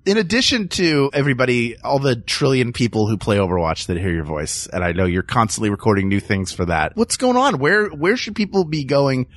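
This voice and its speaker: A man's voice: medium pitch, big pitch swings, fairly quick, few pauses, no echo. A man co-hosting a comedy podcast, joking and wrapping up with a guest. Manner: jokey, enthusiastic. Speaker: podcast co-host. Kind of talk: casual podcast chat.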